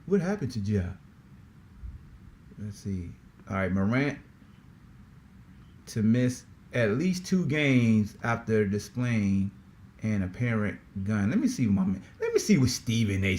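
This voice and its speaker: A man hosting a sports podcast in a casual, slangy, animated way, often repeating himself. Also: lowish voice, unhurried. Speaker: podcast host.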